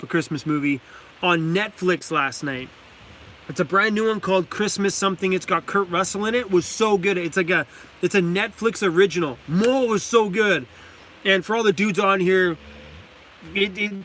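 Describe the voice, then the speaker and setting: A man's voice: high voice, bright, forceful tone, slight background noise. A man from Canada chatting casually on a live stream from his van, enthusiastic, laughing often and reading chat names aloud. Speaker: vlogger hosting a live stream. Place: inside a parked van.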